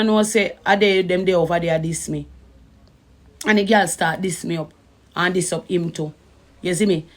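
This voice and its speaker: Middle-aged Jamaican woman streamer, casual emphatic rant. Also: lowish voice. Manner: emphatic, repeats "you understand" often. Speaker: social media streamer.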